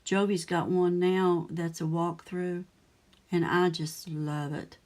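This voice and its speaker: An older woman hosts a crafting livestream from her home craft room, talking in an easy, unhurried chat. She greets viewers by name as she works and keeps up a friendly running commentary on her scrapbook page. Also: on the low side, little pitch movement, a little mellow. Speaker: scrapbooking channel host.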